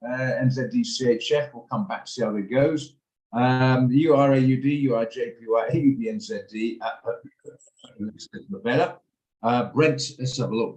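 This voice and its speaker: A middle-aged host of a trading room offers casual live commentary, rambling chattily through trades with plenty of restarts. His medium-pitched voice arrives via video call in a roomy, rough recording.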